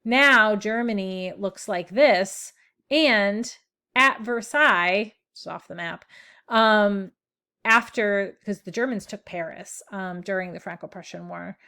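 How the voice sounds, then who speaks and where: A woman's voice: mid-range voice, creaky, pushed and bright. A woman teaching a history lesson in a casual, chatty way, with many ums and "right?" tag questions. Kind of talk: casual classroom lecture.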